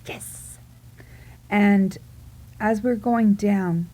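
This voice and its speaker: A woman telling a funny story from her own life, chatting at an unhurried pace in a slightly high voice. She keeps giggling and acts out her own reactions as she goes. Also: lively intonation. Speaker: vlogger. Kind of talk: casual storytelling.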